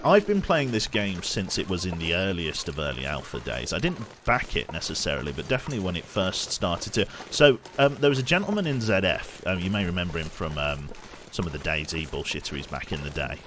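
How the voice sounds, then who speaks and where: Deep-voiced English man streaming a game. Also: slight background noise. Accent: English, non-regional. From Birmingham area, England. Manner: chatty, relaxed, thanks viewers between game narration. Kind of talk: casual gameplay live-stream commentary.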